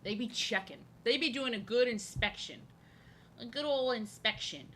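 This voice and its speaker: A woman livestreams while she draws, chatting casually in a rambling, jokey way and repeating her phrases. Her fairly high voice is bright, expressive and forceful, moving at a moderate pace, with slight background noise.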